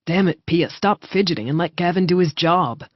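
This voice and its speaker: A woman reading voicing a gruff male wolf-shifter soldier who talks bluntly and swears, on a slightly muffled recording. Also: on the low side, normal speed, no room sound, close to an everyday voice.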